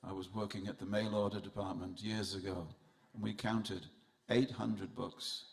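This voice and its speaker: A man's fairly low, level voice, touched with vocal fry, carries a festival sermon through a temple hall at a moderate pace. He entertains with humorous stories and speaks right to those gathered.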